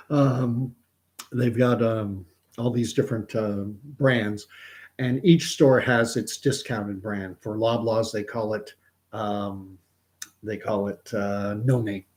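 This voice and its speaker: A man's voice: lowish voice, fairly even intonation, takes it slowly, a little mellow. A man hosting a livestream, talking in a rambling, conversational way and answering viewers. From Canada. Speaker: host of a commentary livestream. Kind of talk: casual livestream commentary.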